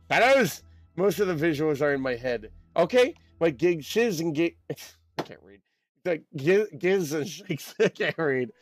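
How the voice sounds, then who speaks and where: A young man streaming a game, chatting casually with his audience in an excitable, rambling way with quick laughs. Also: mid-range voice. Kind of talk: casual live-stream chat while gaming.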